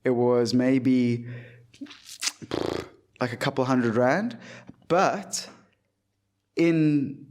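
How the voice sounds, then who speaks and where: A young man, co-hosting a casual podcast chat, joking and quick to burst out in loud disbelief. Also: medium pitch, background noise. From South Africa. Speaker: podcast co-host.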